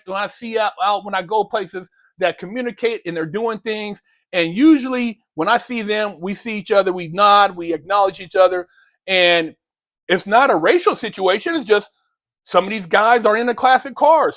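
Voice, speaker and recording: A man's voice: very high-pitched, a bit bright, no room sound. A man ranting bluntly in a heated, lecturing commentary, using street slang, as a motivational vlogger.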